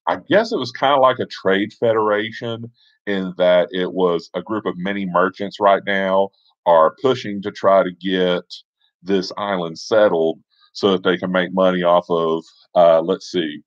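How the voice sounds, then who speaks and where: A man with a very low voice recounts a tabletop adventure in a loose, conversational way, trailing off into asides. The sound is dry and a bit dull, with no room around him. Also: unhurried, dry recording. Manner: relaxed, conversational, with fillers and asides. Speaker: storyteller. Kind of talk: casual spoken storytelling.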